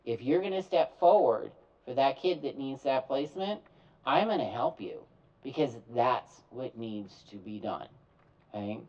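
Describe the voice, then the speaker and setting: A man's voice: medium pitch, a little slow. Guy on stage telling his story, acts out the phone calls, sounds far from the mic and kinda muffled. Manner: animated, acts out both sides of phone calls. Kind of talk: storytelling talk to an audience. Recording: distant, dull lo-fi recording.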